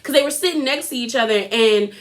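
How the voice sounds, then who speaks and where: A woman's voice: on the high side, fast talker. A young woman recapping a reality TV episode in casual, gossipy chat, giving her opinions and talking straight to her viewers.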